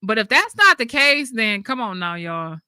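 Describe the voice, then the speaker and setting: Blunt woman host, bright and sharp. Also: on the high side, big pitch swings, moderate pace, clear, resonant tone, dry recording. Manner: blunt, laughing often, with slang. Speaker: channel host. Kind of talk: casual livestream chat.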